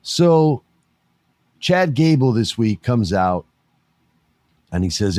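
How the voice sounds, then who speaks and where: Low-voiced man talking wrestling. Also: takes it slowly, pauses often, no room sound. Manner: animated, laughs often, swears casually. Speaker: podcast host. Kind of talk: casual commentary.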